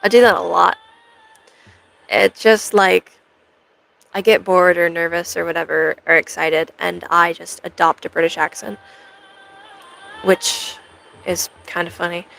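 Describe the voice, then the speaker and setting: A woman's voice: lowish voice, steady tone, unhurried, gravelly, pauses often, fairly bright tone, low-quality recording. A young American woman live streaming, chatting in a rambling way to her viewers. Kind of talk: casual chat to a live stream audience.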